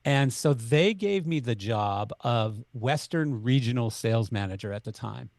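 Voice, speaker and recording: Canadian man telling an animated story. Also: medium pitch, unhurried, dry recording. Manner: animated, acts out both sides of dialogue. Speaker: podcast guest. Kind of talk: conversational storytelling.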